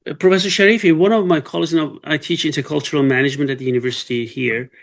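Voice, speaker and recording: A man interviewing a professor, telling a story in a conversational, animated way with frequent laughter; he is not an English speaker. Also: fairly high pitch, very fast. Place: Germany.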